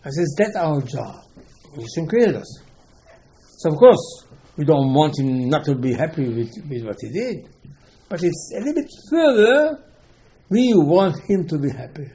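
A man's voice: on the high side, lively intonation, moderate pace, warm tone, poor audio. Man giving a rambling religious talk. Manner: rambling, repeats words, asks and answers himself; non-native English grammar. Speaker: religious teacher. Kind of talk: informal religious lecture.

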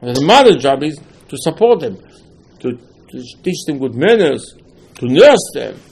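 Gravelly emphatic male rabbi. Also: a little high, very animated, measured pace, darkish tone. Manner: emphatic, rhetorical questions, acts out dialogue. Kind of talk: Torah lecture.

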